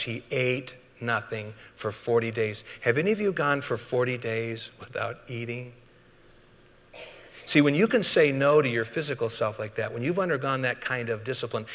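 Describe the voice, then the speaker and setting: A man's voice: medium pitch, fairly bright tone, long reverb tail. A man preaching a sermon as pastor, conversational and often asking the congregation questions.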